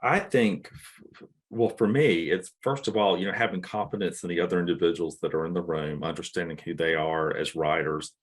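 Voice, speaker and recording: A man speaking as a novelist on a panel, measured and thoughtful with careful pauses. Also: low-pitched, fairly even intonation. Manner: measured, thoughtful, hesitant fillers. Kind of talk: casual panel discussion.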